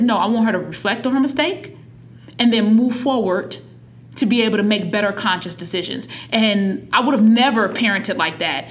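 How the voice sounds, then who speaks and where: A woman in her thirties, a parent, chatting casually on a podcast and telling a family story with lively acted-out quotes. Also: mid-range voice, moderate pace. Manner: animated storytelling, acts out quotes. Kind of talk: casual conversation.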